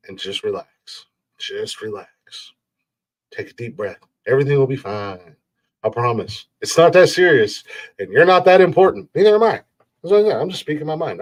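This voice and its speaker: A man hosting a podcast, ranting in a rambling, profane way and laughing at his own jokes. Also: fairly high pitch. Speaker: podcast host.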